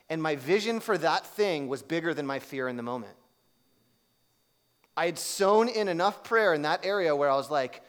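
A man's voice: fairly high pitch, expressive, a little fast, fairly bright tone, smooth. A man preaching a sermon, telling a personal story in a conversational way and acting out the voices in it. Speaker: pastor.

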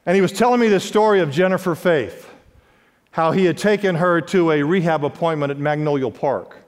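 A man preaching a sermon as pastor, emphatic, with wide swings in pitch and loudness, in a large church. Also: fairly quick. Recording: long hall reverb.

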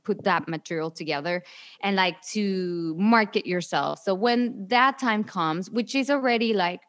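A woman from Mexico, an actress, chatting casually from a home studio, animated and full of filler words. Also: medium pitch, unhurried. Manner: animated, lots of "like", acts out quotes. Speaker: actress, podcast guest. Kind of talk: casual chat. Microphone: home studio mic, video call.

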